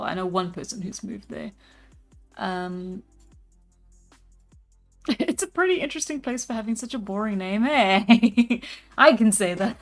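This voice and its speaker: A young woman from South Africa talks through a relaxed live drawing stream, answering chat in a casual, meandering way. She laughs easily and fills pauses with ums and uhs. Soft music plays faintly behind her voice. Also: medium pitch, vocal fry. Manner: relaxed, chatty, laughs often, many fillers. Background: soft background music.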